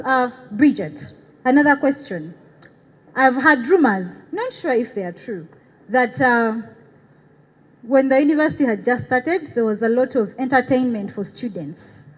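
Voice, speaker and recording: A young woman moderating a university debate, putting earnest, emphatic questions to candidates. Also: a little high. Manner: earnest, emphatic, repeats points for stress. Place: university hall. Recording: dull echoey hall sound.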